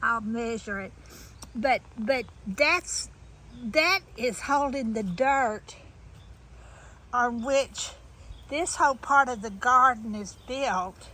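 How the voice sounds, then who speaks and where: Woman, slow and unhurried, bright tone, rambling garden tour. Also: a little high, rough recording. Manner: rambling, many restarts, chatty. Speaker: gardener showing her garden. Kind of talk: casual walk-through tour. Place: outdoors in a home garden.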